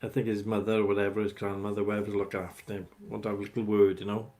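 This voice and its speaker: A man's voice: fairly low pitch, flat delivery, rapid-fire, darkish tone. A man hosting a casual livestream, rambling as he chats with viewers by name. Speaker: livestream host chatting with viewers. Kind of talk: casual live chat.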